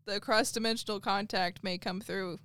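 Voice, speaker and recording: A woman's voice: mid-range voice, fairly even intonation, normal speed, fairly bright tone, no echo. A woman co-hosting a podcast in casual chat, dropping dry, wry one-liners. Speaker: podcast co-host.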